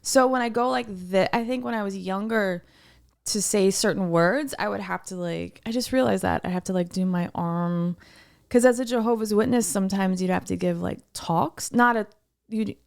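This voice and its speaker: A woman's voice: mid-range voice, normal speed, creaky, a little mellow. A woman co-hosting a podcast in casual chat, giggly and rambling with frequent restarts. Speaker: podcast co-host.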